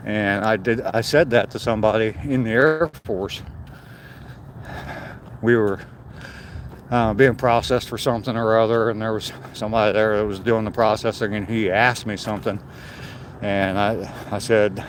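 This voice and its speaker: An older man, chatting in a relaxed, rambling way on a live walk and greeting viewers by name. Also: lowish voice, normal speed, slight background noise. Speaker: vlogger walking and reading chat. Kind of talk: casual chat on a live walk. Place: outdoors on a walk.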